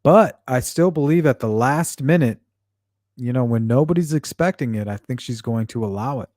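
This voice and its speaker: A man's voice: medium pitch, lively intonation, moderate pace, darkish tone, dry recording, studio quality. A man hosting a true-crime livestream, chatting casually and reading out viewer comments, blunt and often profane. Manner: blunt and profane, with frequent fillers.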